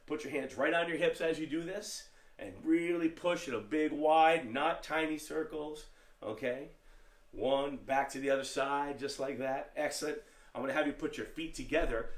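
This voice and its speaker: A man teaching an online martial arts class, giving upbeat step-by-step commands for stances and warm-ups. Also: fairly high pitch, echoey room. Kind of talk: online fitness class instruction.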